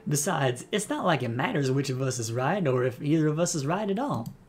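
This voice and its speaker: A man's voice: on the high side, expressive, a little fast, faint music behind, lightly acted. A man voicing a chatty young female cryptid-hunting vlogger in a put-on Southern US accent, breezy and rambling. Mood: folksy.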